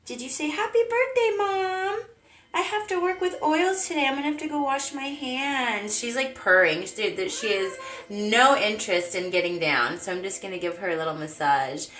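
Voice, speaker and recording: A woman's voice: mid-range voice, normal speed, a bit bright, reverberant, poor audio. A woman hosting a casual live stream at home, bubbly and chatty, greeting viewers by name and cooing at her cat.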